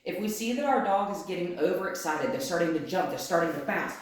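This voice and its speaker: A woman's voice: fairly low pitch, animated, quick pace, few pauses. A woman dog trainer giving a hands-on training lesson, explaining each step aloud and often checking in with "right?". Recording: very echoey room, faint noise.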